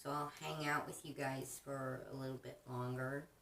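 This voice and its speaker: A woman's voice: a bass voice, flat delivery, moderate pace, fairly bright tone. A woman hosting a craft channel, chatting casually and rambling with frequent restarts while she crafts. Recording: roomy, distant mic with faint noise.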